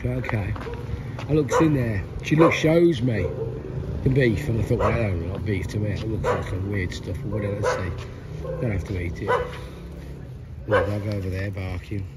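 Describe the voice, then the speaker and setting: A man's voice: on the low side, normal speed, long pauses. A man rambling chattily through a walking travel vlog, filmed outdoors at night on a handheld camera. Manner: rambling, chatty storytelling with many restarts. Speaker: travel vlogger. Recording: noisy outdoor street recording. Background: street noise and barking dogs.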